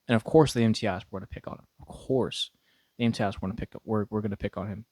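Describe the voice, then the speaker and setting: A man's voice: lowish voice, rapid-fire, darkish tone, dry recording, clean studio sound. A young man casually telling a story, swearing freely and laughing often between his words. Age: young adult. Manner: profane, laughing often, restarts a lot.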